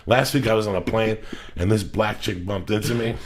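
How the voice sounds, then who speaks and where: A man's voice: lowish voice, fairly even intonation, brisk, slight background noise. A middle-aged man hosting a podcast, ranting in a casual, profane, emphatic way. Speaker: podcast host.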